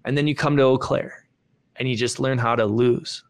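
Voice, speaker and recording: A man giving a motivational talk and telling a personal story in an animated way, with sharp jumps in pitch. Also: normal speed. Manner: animated, swings pitch up sharply when acting out his younger self. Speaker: speaker.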